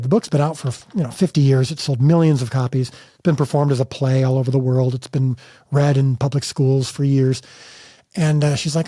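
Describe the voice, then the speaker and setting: Guest filmmaker, middle-aged man from the States, earnest and emphatic, mellow and dry. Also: medium pitch, fairly even intonation, normal speed, no room sound. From United States. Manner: earnest, emphatic storytelling with restarts. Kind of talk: candid interview conversation.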